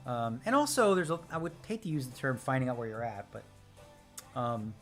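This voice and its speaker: A man's voice: medium pitch, sing-song, a little fast. A man talking casually while streaming a poker game. He is brash and playful, tossing off jokes and replying to viewer comments in an easygoing mid-range voice. Faint music plays behind him. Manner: brash, joking, answers viewer chat. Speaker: poker player live-streaming. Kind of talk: casual live-stream chat. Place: home streaming setup.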